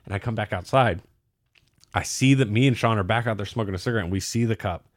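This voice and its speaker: Fast-talking young man, crude storyteller. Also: fairly low pitch, no room sound, studio quality. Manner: crude, profane, rambling with many fillers. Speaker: podcast host. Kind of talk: casual storytelling.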